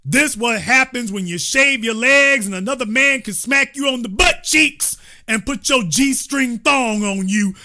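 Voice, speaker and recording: A man's voice: sits high, bright, forceful tone. Heated, mocking male commentary host. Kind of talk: political commentary rant.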